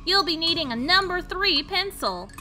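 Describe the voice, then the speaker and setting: A woman's voice: very high-pitched, big pitch swings, moderate pace, sharp tone, faint music behind, voice pushed up, heavily acted. A woman voicing a fussy, bureaucratic ghost town clerk in a comedy game, cheerful and pedantic. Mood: officious.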